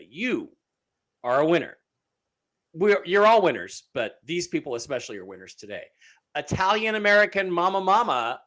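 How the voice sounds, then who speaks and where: A man hosting a live-streamed talk show, reading out giveaway winners in a casual, repetitive way with many fillers. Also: a little high. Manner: animated, repeats phrases, many fillers. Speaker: show host.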